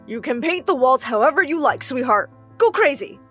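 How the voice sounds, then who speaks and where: A wealthy mother who gushes sweetly one moment and scolds curtly the next, as a woman narrator puts her on in an animated story. The voice is high and lively with big swings in pitch. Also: normal speed, soft background music. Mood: gushing. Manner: gushing to one child, curt and scolding to the other. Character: doting, dismissive adoptive mother.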